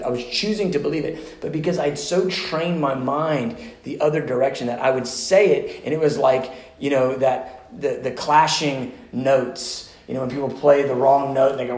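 Pastor guy preaching a class, passionate and chatty, mid pitch, roomy echo. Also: a little mellow. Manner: passionate, conversational, with restarts, ends in prayer. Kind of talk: sermon teaching class.

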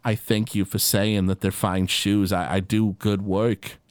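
A man's voice: fairly low pitch, flat delivery, a little slow, clear, resonant tone, no echo, studio quality, natural voice. A man voicing a nervous, fussy male gnome shoemaker who stammers and frets. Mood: fretful. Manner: stammering, anxious, superstitious.

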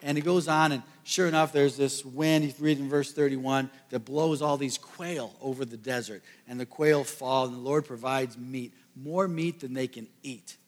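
A man preaching a sermon to a congregation, telling a Bible story with lively asides and jokes. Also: medium pitch, moderate pace, hardly any pauses, long reverb tail. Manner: animated storytelling, jokey asides. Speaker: pastor.

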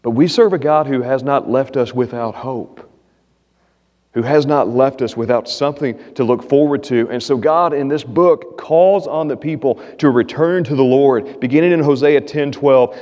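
A man's voice: normal speed, darkish tone. A man preaching a sermon as pastor, earnest, lifting his voice when he reads scripture aloud. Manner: earnest preaching, rises in pitch reading scripture. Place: church sanctuary. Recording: echoey hall, muffled sound.

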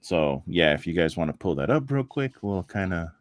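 A man's voice: low-pitched, very animated, normal speed. A man hosting a podcast, laid-back and organizing the conversation. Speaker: podcast host. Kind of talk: casual chat.

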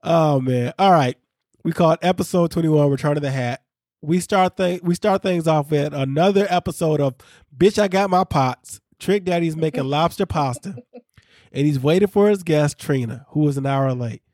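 A man hosting a casual recap podcast, talking in an animated way, laughing and quoting people as he tells the story. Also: a little high, moderate pace, no echo, studio quality. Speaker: podcast host.

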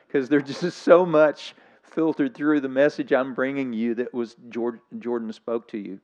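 A man's voice: mid-range voice, takes it slowly, pauses often, darkish tone, lo-fi sound. An older man preaching a sermon in a reflective, slightly weepy manner. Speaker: guest preacher.

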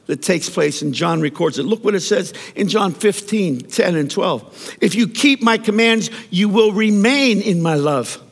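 Animated preacher in a reverberant hall. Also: male voice, sits high, measured pace, creaky. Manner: animated storytelling preacher with repeated words. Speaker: pastor. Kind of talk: sermon.

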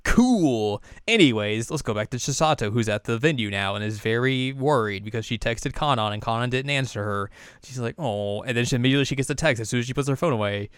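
Smooth-voiced young man recapping anime. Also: medium pitch, fast, fairly bright tone, dry recording, clean studio sound. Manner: chatty, filler-heavy, laughs often. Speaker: podcast co-host. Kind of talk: casual anime episode recap.

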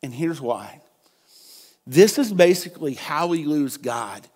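A man's voice: fairly high pitch, sing-song, takes it slowly, darkish tone, slightly rough. A man preaching a conversational sermon, checking in with his listeners and often repeating words. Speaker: pastor.

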